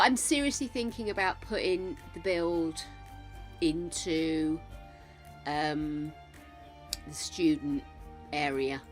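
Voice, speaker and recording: An older woman streaming a game, chatting casually and calling her viewers darlings and gorgeous ones. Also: low voice. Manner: chatty, showers viewers with endearments. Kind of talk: casual live-stream chat.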